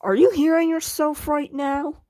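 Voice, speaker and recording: A woman's voice: high voice, level tone, measured pace, warm tone, no echo, clean studio sound. A woman hosting a casual comedy skit, patiently correcting and teasing. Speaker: video host and skit performer.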